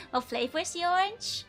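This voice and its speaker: A Dutch VTuber streamer with a high, fairly bright voice reads viewer messages in a casual live-stream chat. She giggles and laughs nonstop while teasing playfully.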